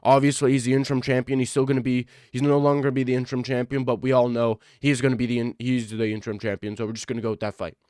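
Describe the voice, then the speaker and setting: A man streaming in casual chat, reacting to viewers, excitable and profane, often repeating himself. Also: mid-range voice, rapid-fire, few pauses, dry recording.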